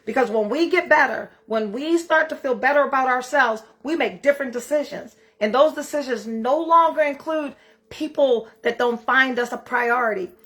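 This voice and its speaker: A woman's voice: high voice, moderate pace, a bit bright. A middle-aged woman hosting a self-care challenge, talking bluntly and emphatically to her followers and swearing freely. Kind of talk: casual motivational talk to followers.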